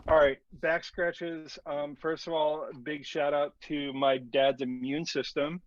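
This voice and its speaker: A man's voice: fairly high pitch, level tone, slow pace, dry recording. A man co-hosting a podcast, talking in a loose, plain-spoken way. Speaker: podcast co-host. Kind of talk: casual chat. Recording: dry, dull lo-fi podcast mic.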